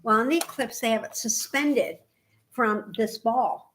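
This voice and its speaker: A woman co-hosting a podcast in casual chat, telling animated, rambling stories. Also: on the high side, measured pace, a little hiss or hum. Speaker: podcast co-host.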